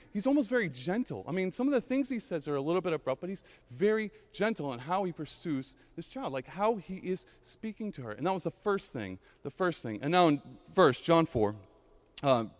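A man's voice: fairly high pitch, big-room sound. A young man preaching a casual sermon, reading scripture and acting out the quoted voices in a loose, conversational way. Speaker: pastor.

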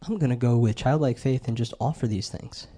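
Mellow-voiced man preaching a sermon. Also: medium pitch, fairly quick. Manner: conversational, asks the crowd questions.

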